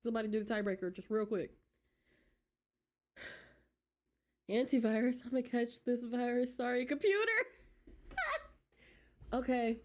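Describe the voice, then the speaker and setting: Slow-talking, giggly woman streamer. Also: fairly high pitch, lively intonation, a little mellow. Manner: giggly and flustered, drops to whispers while reading. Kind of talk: reading a game aloud with live reactions.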